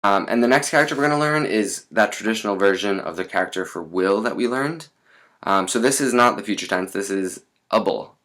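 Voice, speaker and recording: A man teaching a lesson in a relaxed, chatty way, with many fillers and asides. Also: fairly low pitch, brisk.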